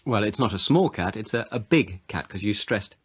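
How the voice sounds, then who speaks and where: A man's voice: lowish voice, expressive, moderate pace, husky, dry recording. A man hosting an educational podcast, summing up the guest's points and asking follow-up questions. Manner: summarising and prompting questions. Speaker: host.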